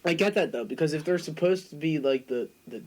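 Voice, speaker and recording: A man's voice: on the high side, a little fast, darkish tone, poor audio. A young man co-hosting a podcast in casual chat, talkative and opinionated, hedging with fillers. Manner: talkative, opinionated, hedges with "like" and "I mean". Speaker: podcast co-host.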